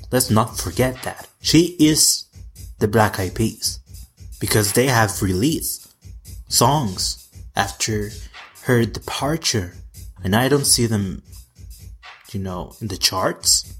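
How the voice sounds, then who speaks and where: Sassy, husky-voiced young man. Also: on the low side, animated, slow, pauses often, fairly bright tone, faint music behind. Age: 20s. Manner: sassy, campy, swears freely. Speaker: vlogger. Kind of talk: casual pop-culture commentary.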